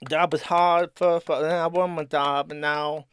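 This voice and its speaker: A man voicing a dim-witted, childlike man who talks in slow, simple, sing-song phrases. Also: fairly high pitch, flat delivery, a bit bright, slight background noise. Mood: goofy.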